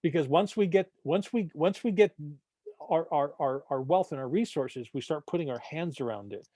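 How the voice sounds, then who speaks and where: Man, adult church class teacher, slightly high voice, dry close sound, conversational, repeats himself, keeps checking in with listeners. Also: expressive, normal speed, mellow, no room sound. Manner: conversational, repeats words, keeps asking "right?"; tells jokes, punchy emphasis.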